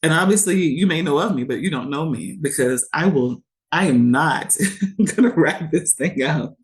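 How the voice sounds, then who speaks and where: Speaking at normal speed in a low voice, a podcast guest from Shreveport, Louisiana shares a personal story openly and with feeling. When she quotes others, she performs their lines in animated voices.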